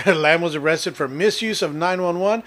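A man's voice: a little high, normal speed, fairly bright tone. A man co-hosting a casual podcast, reading odd news stories aloud and often laughing as he reads. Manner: laughs while reading, playful. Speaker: podcast co-host.

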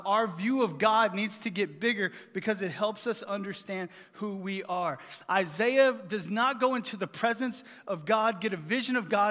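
A man with a notably high-pitched voice preaches a sermon to his congregation, driving points home by repeating phrases. His voice rings out with a long reverb trailing behind it, as in a large church hall. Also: moderate pace, hardly any pauses, a bit bright. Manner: emphatic, repeats phrases for effect. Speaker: pastor.

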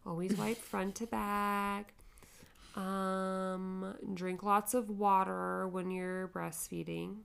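A woman's voice: mid-range voice, flat delivery, slow pace, gravelly, a bit bright, clean tone. A young woman co-hosting a candid chat, telling stories and acting out what others said. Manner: chatty storyteller, acts out quoted voices. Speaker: podcast co-host.

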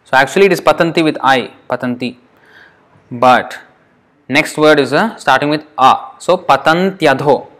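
A man teaching a Sanskrit class, patiently spelling out words and repeating them slowly as he explains sandhi rules. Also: a little high, a bit bright.

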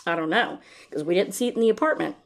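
A podcast host rants through casual commentary, blunt and profane, sometimes mocking someone in a high put-on voice. She talks fast and animatedly, with a creaky edge.

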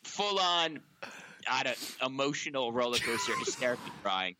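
A young man telling a funny story on a podcast, acting out the quoted lines with loud, animated voices. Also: medium pitch, normal speed, background noise. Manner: animated, acts out quotes loudly. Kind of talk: comedic storytelling.

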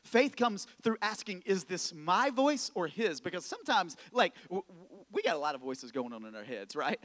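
A man's voice: high-pitched, big pitch swings, normal speed, a bit bright, in a large hall. A man preaching a sermon as a pastor, talking to the congregation in a conversational way, full of rhetorical questions and repeated phrases.

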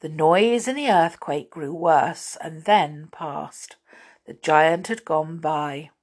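A woman reading a children's storybook aloud as the storyteller, in an expressive, lively way. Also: deep voice, slow pace.

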